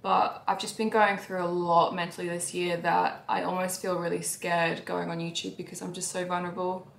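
Emotional young woman with a gravelly voice. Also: fairly low pitch, little pitch movement, normal speed, reverberant, slight background noise. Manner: emotional and candid, swings between soft sighs and raised outbursts. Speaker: YouTuber. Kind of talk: confessional vlog talk.

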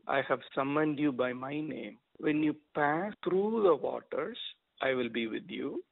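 A man preaches an earnest sermon over a telephone line, teaching from scripture and pausing for rhetorical questions. His voice is slightly high and gravelly, and the audio sounds tinny and dry, like a phone call. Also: no echo.

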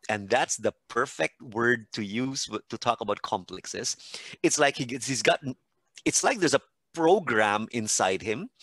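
A man co-hosting a podcast, explaining psychology through long hypothetical examples in an animated way. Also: mid-range voice, no room sound.

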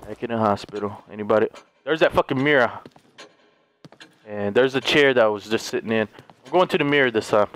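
A man giving casual, excitable commentary while playing a horror video game, swearing freely and talking to himself and the characters. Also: mid-range voice, slight background noise. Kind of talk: casual let's play commentary.

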